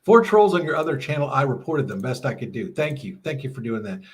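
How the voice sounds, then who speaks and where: Very animated and quick, with a mid-range voice and a breathy edge, a middle-aged man runs a casual livestream from his RV at home. He chats with viewers, laughs often, and reads their comments out loud.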